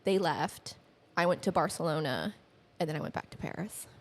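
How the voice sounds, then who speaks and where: A woman sits in as a guest on a podcast, telling her stories in a loose, chatty way. Her voice sits a little low, and she keeps jumping up in pitch to act out what people said. A faint hiss runs behind her. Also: normal speed. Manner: animated, acts out quoted dialogue with lifted pitch; chatty, uses many fillers like "like". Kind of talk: casual conversational storytelling.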